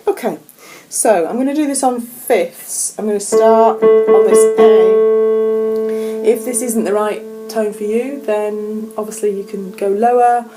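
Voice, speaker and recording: A woman leading vocal warm-up exercises in a gentle, encouraging, unhurried way. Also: fairly high pitch, steady tone, over loud music, low-quality recording. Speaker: vocal coach. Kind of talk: casual instructional talk. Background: keyboard playing.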